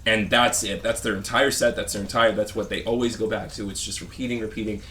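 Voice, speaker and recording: A man's voice: fairly low pitch, steady tone, bright, forceful tone, slight background noise. A man vlogging a rambling complaint, sarcastic and dismissive, stopping and restarting his sentences often. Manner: halting, rambling rant with frequent restarts.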